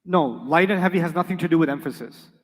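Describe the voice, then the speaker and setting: A man's voice: on the high side, fast, long reverb tail. A man teaching Arabic grammar to a class, emphatic, repeating key points and quizzing his students.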